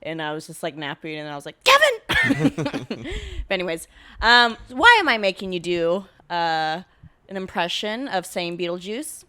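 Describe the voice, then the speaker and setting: A woman's voice: on the low side, animated, moderate pace, sharp tone, clean tone. A woman co-hosting a podcast in casual chat, playful and bantering with frequent laughs. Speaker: podcast co-host.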